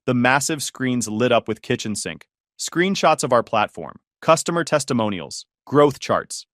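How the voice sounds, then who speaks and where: A man tells a first-person drama story, his voice moving up and down in animated, expressive sweeps. He sits at middle pitch, and the recording is close and dry with no room echo. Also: unhurried. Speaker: story narrator.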